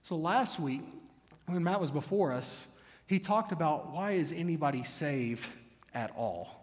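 A man's voice: on the high side, lively intonation, measured pace, a little hiss or hum. A man preaching a sermon, teaching by posing rhetorical questions and answering them himself. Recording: long reverb of a church hall.

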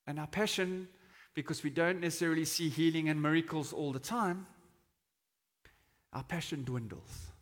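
A man's voice: on the high side, normal speed, long pauses. A man preaching a sermon in a church hall, talking conversationally and acting out the quotes in a raised voice. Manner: conversational, dramatizes quotes with shouting. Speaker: pastor. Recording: long reverb of a church hall.

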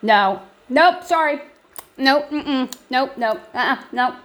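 A woman's voice: high-pitched, lively intonation, slow pace, a bit bright, heavily acted. A woman with an American country accent voicing a spiteful woman who stubbornly refuses to let others be happy.

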